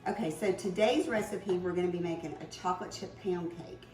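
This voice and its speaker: A woman hosting a casual home cooking video in her kitchen, chatty and quick to laugh. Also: lowish voice, a little mellow, reverberant, distant mic, faint music behind. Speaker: cooking show host.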